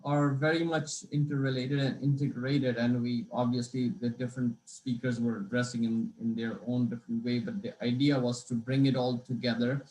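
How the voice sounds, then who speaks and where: A man's voice: mid-range voice, flat delivery, moderate pace, hardly any pauses, darkish tone. Hesitant man hosting, echoey room. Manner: rambling, hesitant, many uh fillers and restarts. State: dry throat, coughing. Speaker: webinar host. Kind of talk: hosting a professional webinar.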